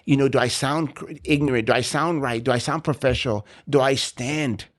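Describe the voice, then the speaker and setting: A man talks as a podcast guest about training salespeople, confident and emphatic, and he often repeats words for emphasis. His voice sits in a middle pitch range and sounds plain. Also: a little fast. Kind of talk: casual interview chat.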